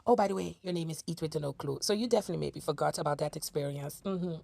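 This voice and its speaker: A woman's voice: low-pitched, fast talker, vocal fry, dark tone. A woman giving sarcastic, scolding reaction commentary on video clips, mocking and challenging the person she watches.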